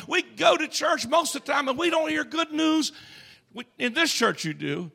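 A man preaching in a church with a very high, gravelly voice that has a bright, forceful edge. He drives an emphatic call-and-response sermon, calling out to the congregation. He swings between shouting and dropping to hushed tones. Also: big pitch swings, normal speed. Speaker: pastor. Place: church sanctuary.

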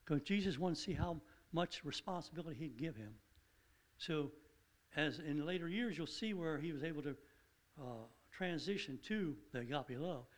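An earnest man teaches from the Bible in a relaxed, conversational way. His voice sits a little high, and he drives his points home by repeating them with growing emphasis. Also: moderate pace, rough recording.

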